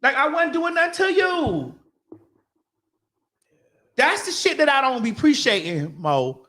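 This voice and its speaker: A woman with a high voice hosts a casual talk show, venting in a loud, profane, animated way. She is from Miami-Dade and talks bluntly. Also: measured pace. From Miami-Dade, Florida. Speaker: morning show host.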